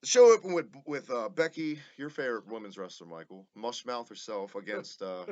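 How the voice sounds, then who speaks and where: A man co-hosting a casual wrestling podcast, animated and joking, swearing freely. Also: medium pitch, no room sound. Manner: animated, swearing, quick to joke. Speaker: podcast co-host. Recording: dull lo-fi podcast audio.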